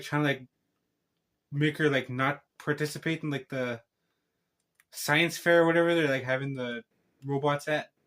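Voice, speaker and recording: A man's voice: on the high side, fairly bright tone. A man talking casually and rambling through a film review, stopping himself with joking asides and restarts. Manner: meandering, self-interrupting, joking asides. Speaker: channel host reviewing a film.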